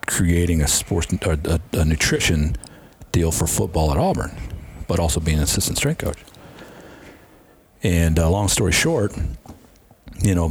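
This middle-aged strength and conditioning coach has a low, slightly mellow voice with a breathy edge. He earnestly shares career stories in a casual interview, acting out conversations from his past.

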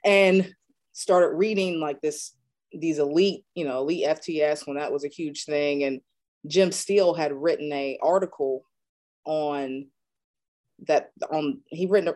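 Animated woman telling career stories. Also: moderate pace. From North Carolina, USA. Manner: animated, acts out quoted dialogue with big pitch jumps. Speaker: strength and conditioning coach. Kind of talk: casual storytelling in an interview.

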